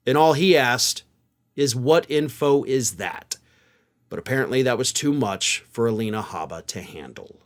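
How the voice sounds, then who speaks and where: A man's voice: medium pitch, sing-song, normal speed. A man delivering online political commentary in an incredulous, exasperated, scoffing manner.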